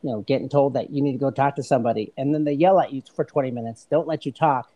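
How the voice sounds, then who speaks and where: A man co-hosting a podcast, talking in a halting way with lots of fillers in casual chat. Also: medium pitch, mellow. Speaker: podcast co-host.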